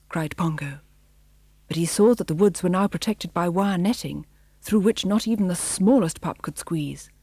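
Woman narrator, storybook audiobook, measured expressive reading, warm low voice, dry close sound. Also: breathy edge, no echo.

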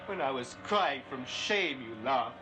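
A man's voice: mid-range voice, expressive, a little slow, close to an everyday voice. An actor playing a deranged male serial killer who rants bitterly at his mother, in dubbed film acting over music. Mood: ranting rage. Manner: ranting, bitter, mocking. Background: film score music.

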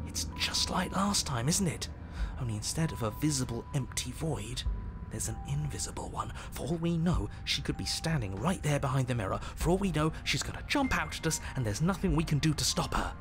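A man doing a wry, lively horror-game narrator. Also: a little high, over music, natural voice. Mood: anxious. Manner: measured storytelling, sliding into anxious, bickering asides. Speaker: game narrator and inner voices.

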